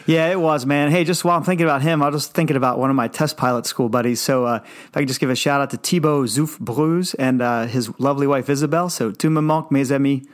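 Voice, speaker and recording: An American man co-hosts a podcast with a mid-pitched voice. He chimes in with short, enthusiastic remarks. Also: fast, few pauses. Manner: enthusiastic, brief. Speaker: podcast co-host. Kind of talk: casual podcast talk.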